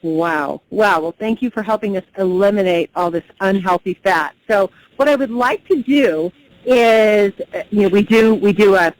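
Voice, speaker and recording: A woman's voice: medium pitch, moderate pace, rough recording. A woman hosting an interview, encouraging her guest with frequent mm-hmms. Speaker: host. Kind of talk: interview host.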